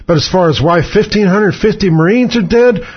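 A man's voice: high voice, moderate pace, slightly rough. A man hosting talk radio, delivering an angry, profane, sarcastic political rant on muffled lo-fi radio audio.

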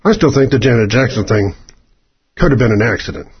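Husky-voiced man ranting on lo-fi radio. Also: mid-range voice, expressive, a little fast. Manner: rambling, digressive and sarcastic. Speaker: radio commentator. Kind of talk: opinion monologue. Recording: dull lo-fi radio broadcast.

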